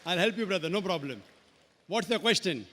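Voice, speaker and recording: Emphatic lecturer, male, fairly high voice, long hall reverb. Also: expressive, fairly quick, fairly bright tone, slight background noise. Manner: emphatic, repetitive, preacher-like. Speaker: speaker answering audience questions. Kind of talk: public lecture Q&A.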